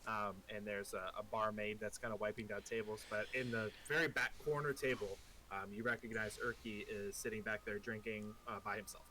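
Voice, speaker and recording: A man narrating as game master of a tabletop game, relaxed and hesitant, with many pauses and ums. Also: on the low side, slight background noise, rough recording.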